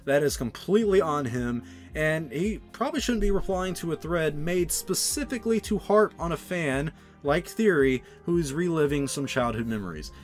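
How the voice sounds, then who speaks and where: A man's voice: a little high, lively intonation, normal speed, soft background music. A young man hosting his own channel, giving an exasperated, ranting opinion commentary with sarcastic asides. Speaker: channel host.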